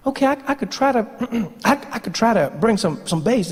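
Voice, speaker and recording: A man's voice: high-pitched, expressive, long reverb tail, a little hiss or hum. A man performing stand-up comedy, playfully stretching his delivery and toying with his voice. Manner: playful, drawn-out delivery, voice play.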